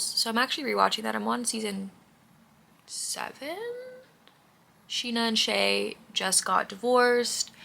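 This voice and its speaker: A woman's voice: mid-range voice, gravelly, bright, forceful tone, slight background noise. A woman vlogging in a casual, rambling way, gushing about what she watches and often saying "like". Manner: rambling and gushing, heavy use of "like". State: out of breath. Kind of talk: casual chatty vlog.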